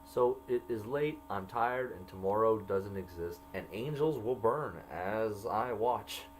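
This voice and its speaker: A man slowly reading entries from his own jail journal aloud, marking each quoted line by saying quote and end quote. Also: lowish voice, slight background noise, poor audio.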